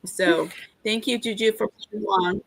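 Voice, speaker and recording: A sleepy woman hosting a late-night livestream, yawning and talking in a halting way with many fillers. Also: medium pitch, gravelly, breathy edge. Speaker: livestream host.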